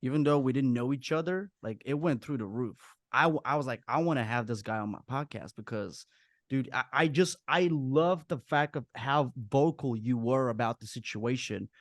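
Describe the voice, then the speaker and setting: A man's voice: mid-range voice, moderate pace, dry recording, studio quality. A man hosting a casual podcast interview, laid-back and loose, calling his guest bro and dude. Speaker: podcast host.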